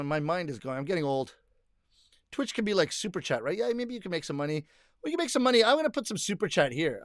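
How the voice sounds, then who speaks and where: A man's voice: a little high, fairly bright tone, no echo, studio quality. A middle-aged man hosting a livestream, casually chatting and reading viewer comments aloud, laughing often.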